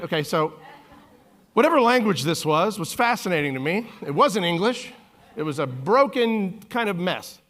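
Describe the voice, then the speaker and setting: A man in his forties speaks from a conference stage in an animated, joking keynote style. His voice sits a bit high for a man, and he slips into little character voices whenever he quotes someone. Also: normal speed. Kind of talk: humorous keynote storytelling.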